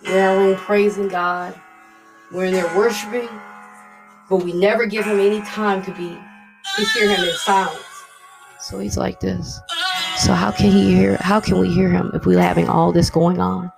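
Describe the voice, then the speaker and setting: Gravelly-voiced woman preaching earnestly. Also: on the low side, steady tone, normal speed, music in the background. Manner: earnest, repetitive, conversational preaching. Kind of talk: devotional teaching.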